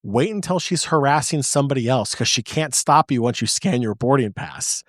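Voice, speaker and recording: A man voicing a German airport service clerk with a German-American accent and a deep, booming voice. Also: animated, moderate pace, no echo, clean studio sound, lightly acted. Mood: conspiratorial.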